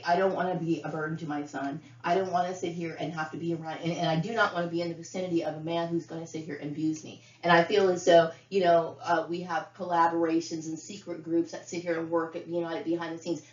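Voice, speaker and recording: A woman's voice: on the low side, level tone, fast talker, few pauses. Blunt middle-aged woman ranting, roomy lo-fi. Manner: blunt, profane, repetitive ranting. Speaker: vlogger. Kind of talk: unscripted monologue to camera. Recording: roomy, dull lo-fi sound.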